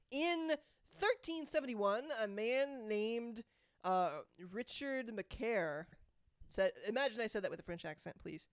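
A woman's voice: on the high side, animated, slow pace, smooth, no room sound, studio quality. A woman hosting a trivia segment on a podcast, reading questions in a wry, teasing way. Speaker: quiz host.

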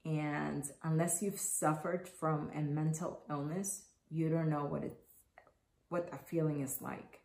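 A woman's voice: deep voice, steady tone, unhurried, vocal fry, darkish tone. A woman in her thirties hosting a podcast, speaking candidly and earnestly about her own experience. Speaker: podcast host. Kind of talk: personal podcast monologue. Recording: echoey room.

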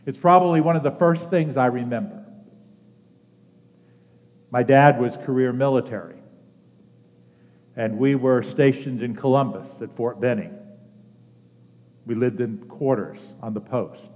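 A man in his seventies giving a sermon as pastor, telling a personal story earnestly with measured pauses. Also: mid-range voice, dull audio. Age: 70s. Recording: long reverb of a large hall.

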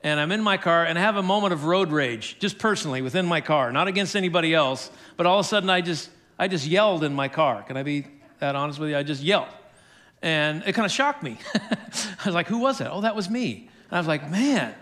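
A man's voice: a little high, quick pace, a bit bright. An older man preaching a sermon as pastor, candid and self-deprecating, often chuckling at himself.

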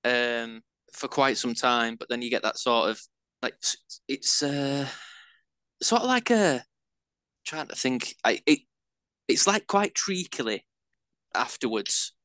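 A man's voice: mid-range voice, expressive, takes it slowly, long pauses, bright, forceful tone, clear, resonant tone, dry recording. A man co-hosting a casual beer podcast, self-deprecating and rambling, with lots of fillers as he talks about brewing. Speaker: podcast co-host and home brewer. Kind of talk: casual chat.

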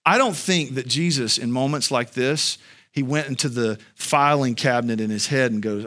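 Man, pastor, sermon, mid pitch, conversational, rises to loud emphasis. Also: moderate pace. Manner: earnest, builds to loud, high-pitched emphasis; conversational, addresses the congregation directly.

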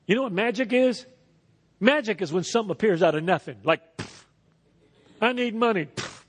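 A man preaching a sermon as pastor, animated, acting out voices and leading the crowd to repeat after him. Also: high-pitched. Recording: reverberant hall.

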